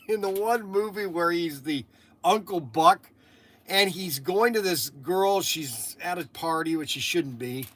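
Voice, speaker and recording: A man's voice: high-pitched, bright, forceful tone. A man hosting a casual livestream, talking in a chatty, rambling way, laughing often and restarting his sentences. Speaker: livestream host.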